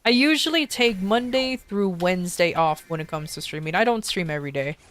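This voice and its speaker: A woman's voice: lowish voice, animated, brisk, a bit bright. A woman streamer chatting casually with her viewers, playful and joking, laughing often. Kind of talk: casual live-stream chat.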